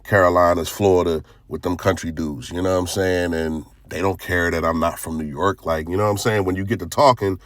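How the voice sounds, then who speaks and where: A man hosts a casual reaction video. He talks loosely, with lots of fillers and rhetorical asides. His voice is very low, and the recording is dry and close. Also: fairly even intonation, a little fast, few pauses, dry recording. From Philadelphia. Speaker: channel host.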